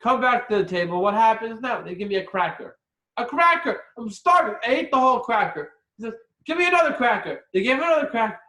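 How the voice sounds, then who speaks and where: Man doing a starving dinner guest, frantic, exasperated, high-pitched, distant from the mic. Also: fast, hardly any pauses, fairly bright tone, reverberant. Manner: exasperated, rising ranting.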